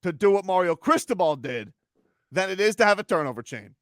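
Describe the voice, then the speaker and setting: A male sports talk radio host in a heated debate, his voice pitched very high and swinging widely. He argues insistently and cuts in over his co-host. The sound is dry and close to the mic. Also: a little fast, no room sound. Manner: argumentative, talks over his co-host, animated.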